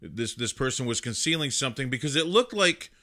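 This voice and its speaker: A man's voice: medium pitch, lively intonation, fairly quick, sharp tone. A man hosting a livestream, commenting casually on news clips in a chatty way with plenty of fillers and restarts. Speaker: livestream host.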